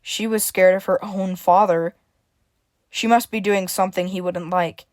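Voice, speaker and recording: A woman narrating a homemade story in an even, mid-pitched voice. The sound is dry and close, with no room around it. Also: normal speed, no echo. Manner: reads dialogue with shifting emphasis, stammers for a frightened character.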